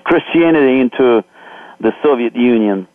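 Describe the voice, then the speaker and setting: A man's voice: medium pitch, no echo. Russian-accented man on a tinny phone line. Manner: halting, hesitant with many uh fillers. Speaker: guest.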